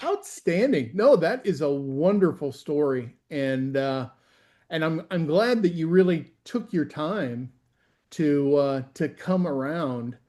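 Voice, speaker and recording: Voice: medium pitch, expressive, slow, darkish tone. An interviewer putting friendly, casual questions to a band.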